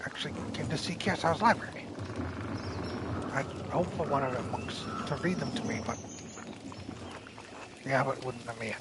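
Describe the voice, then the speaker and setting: A man voicing a curious, soft-spoken traveling tinker, with game nature sounds behind him. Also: medium pitch, moderate pace, long pauses, very noisy, natural voice. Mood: earnest.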